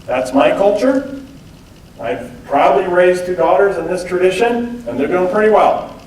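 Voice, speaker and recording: A man's voice: sits high, animated, unhurried, a little mellow, slight background noise. Guy giving a talk, keeps asking okay? right?, really echoey room, mic kinda far off. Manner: conversational, frequent "okay?" and "right?" asides. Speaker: lecturer. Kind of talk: public talk on cultural differences. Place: event hall. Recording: roomy sound from a distant mic.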